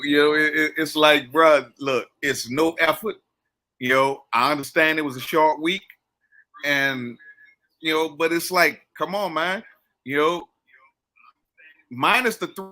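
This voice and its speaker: A man's voice: a little high, sharp tone, poor audio. A man, co-hosting a casual sports podcast and rambling with lots of "you know" and "bruh". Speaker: podcast co-host.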